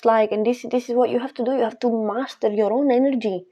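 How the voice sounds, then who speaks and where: A woman's voice: on the high side, steady tone, quick pace, few pauses, dark tone, dull audio. A woman speaking as a spiritual coach in a casual monologue, emphatic and repetitive, laughing between phrases.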